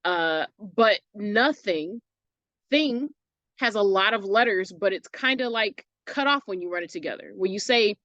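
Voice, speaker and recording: A woman teaching an online English lesson in a casual, chatty way, often checking in with "right?" and sounding out words slowly to show where the stress falls. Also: medium pitch, fairly bright tone, no echo, highs cut off. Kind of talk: recorded lesson walkthrough.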